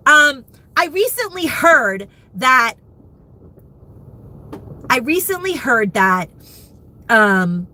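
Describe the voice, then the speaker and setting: A woman in her fifties talks to her viewers in an open, rambling way, her feelings close to the surface. Her voice sits a little high and has a bright, sharp edge. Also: big pitch swings, very slow, long pauses, slight background noise. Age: 50s. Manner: emotional, rambling and candid. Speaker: vlogger. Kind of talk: candid live chat.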